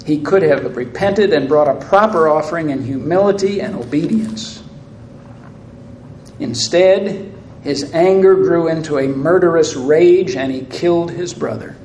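A man preaching a sermon, speaking deliberately and posing rhetorical questions to his listeners, in a church hall. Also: on the high side, darkish tone, slight background noise. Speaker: pastor. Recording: roomy echo.

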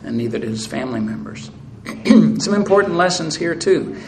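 A man's voice: a little high, expressive, normal speed, slight background noise, low-quality recording. A man preaching a sermon, earnestly reading scripture aloud and addressing the congregation as brethren. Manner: earnest, reads scripture aloud with rising intensity.

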